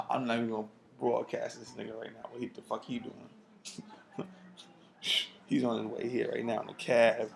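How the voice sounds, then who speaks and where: Gravelly young man rambling into a laptop. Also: mid-range voice, background noise. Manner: loose, profane, drifting between loud talk and whispers. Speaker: vlogger. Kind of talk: rambling casual vlog. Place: indoors at home at night. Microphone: laptop built-in mic.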